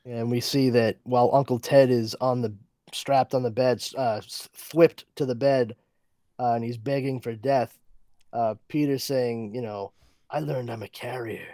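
An animated man recapping a horror comic on a podcast, throwing in quick asides and laughing often. His voice sits mid-range and the recording is dry and close. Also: mid-range voice, dry recording. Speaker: podcast co-host. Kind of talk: casual comic book review chat.

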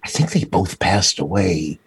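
A man's voice: sits low, a little slow, gravelly, breathy edge, no echo. A man chatting casually as co-host about film, hesitant with frequent restarts. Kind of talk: casual chat.

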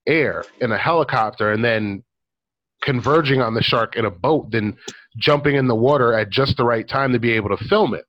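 A man's voice: mid-range voice, fairly bright tone, lo-fi sound. A man chatting casually on a podcast, telling a story with lots of ums and likes. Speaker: podcast co-host. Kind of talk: casual chat.

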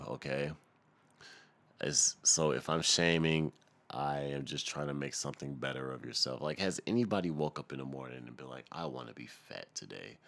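A young man hosting a podcast, ranting and swearing in a loud comedic tirade, stuttering and repeating words as he goes. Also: rumbling low. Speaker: podcast host. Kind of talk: profane comedic rant.

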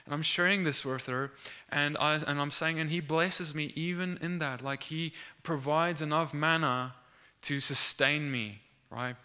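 A man telling a faith testimony as animated storytelling, acting out the lines of the people in it. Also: on the high side, measured pace, smooth. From South Africa.

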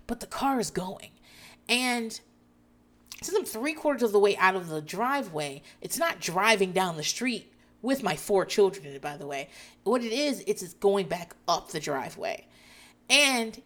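A woman in her thirties tells a story from her own morning in casual vlog chat. She talks in an animated way, swears freely and laughs as she goes, with her voice rising high when she gets worked up. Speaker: mother of four telling a story.

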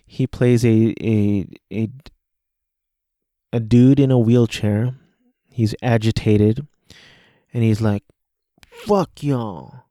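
A man's voice: fairly low pitch, little pitch movement, slow pace, long pauses, warm tone, no room sound, clean studio sound. A man hosting a casual solo podcast, talking through a movie he watched, rambling and hesitant with many restarts. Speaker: podcast host.

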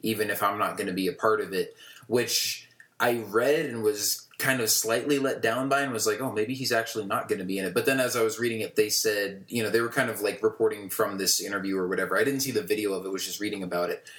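A man co-hosts a fan podcast, talking casually and rambling with fillers. His voice sits very low. The room lends it a roomy echo. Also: steady tone, quick pace, fairly bright tone. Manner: rambling, many fillers and restarts. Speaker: podcast co-host.

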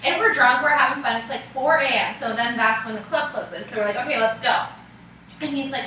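A young woman co-hosting a podcast, telling a story in casual chat, animated and laughing as she acts out what others said. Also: a little high, fairly quick, slight background noise. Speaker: podcast co-host. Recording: echoey room, mic at a distance.

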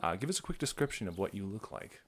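A man runs a tabletop game in a fairly low voice, relaxed and unhurried. He describes the scene with many filler sounds as he thinks aloud. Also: husky. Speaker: game master.

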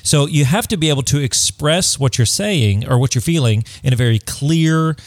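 A man's voice: fairly high pitch, lively intonation, normal speed, no room sound. A man co-hosting a casual advice chat, talking in a conversational way and acting out quoted remarks. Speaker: podcast co-host.

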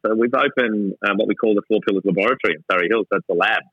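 A gin company co-founder, a middle-aged Australian man, is the interview guest in a gin distillery lab, speaking in a fairly low, slightly rough voice at a racing pace. He stays casual and irreverent, teasing himself and restarting a lot. Audio is dry and dull.

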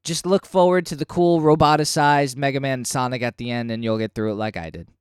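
Man, podcast co-host, smooth clear voice, dry close sound, casual chat, animated ranting. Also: medium pitch, brisk, no room sound. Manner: animated, swears when worked up. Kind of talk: casual comic book review chat.

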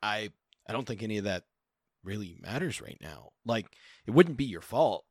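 A man playing a guarded young fighter who speaks tersely, halting and awkwardly kind. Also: on the low side, very animated, slightly rough, no echo, studio quality, full character voice. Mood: reassuring. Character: guarded young male fighter, stony but gentle.

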